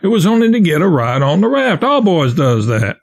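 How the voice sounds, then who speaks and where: A man reading the part of a frightened young stowaway who pleads and spins quick tales. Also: fairly high pitch, sing-song, creaky, voice pushed up, heavily acted. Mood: pleading. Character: scared young stowaway boy, quick with a lie.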